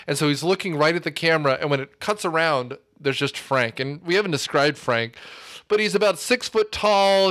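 Animated rambling man, slightly high voice. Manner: rambling, animated storytelling with many fillers. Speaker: podcast co-host discussing a film. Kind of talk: casual chat.

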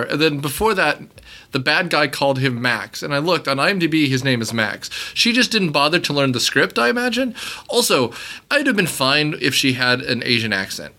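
A man with a fairly high, bright voice that swings up and down a great deal as he riffs. He talks like a podcast host picking apart a bad movie, sarcastic and rambling, restarting his sentences often. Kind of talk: casual movie-review podcast chat.

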